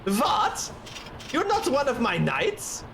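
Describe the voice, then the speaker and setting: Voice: medium pitch, animated, brisk, background noise, natural voice. A streamer voicing a pompous, loyal knight captain in a formal manner, over game music. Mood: blustering. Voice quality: stiff and formal.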